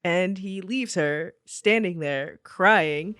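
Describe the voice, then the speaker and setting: Animated woman podcast co-host. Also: fairly low pitch, slow pace, clear, resonant tone, no echo, clean studio sound. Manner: animated, laughs often, acts out quotes. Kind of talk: casual chat.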